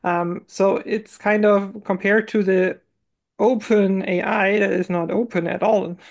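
A lively co-host on a casual tech stream, with a mid-range voice. This speaker laughs easily and explains a topic point by point. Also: mid-range voice, a little slow, creaky. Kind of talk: casual podcast chat.

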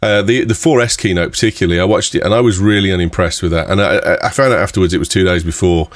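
A man hosting a casual tech podcast, rambling in a relaxed way and laughing often. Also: low voice, fast talker, dry recording. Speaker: podcast host.

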